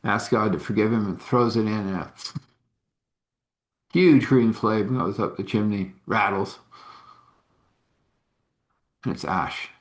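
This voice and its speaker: A man's voice: fairly low pitch, takes it slowly, long pauses. A man casually telling a story, rambling with conversational asides.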